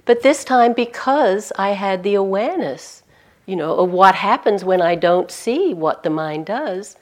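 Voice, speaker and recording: A woman's voice: mid-range voice, expressive, measured pace, darkish tone. A woman meditation teacher giving a dharma talk to a retreat audience, telling stories candidly and with self-deprecating humor.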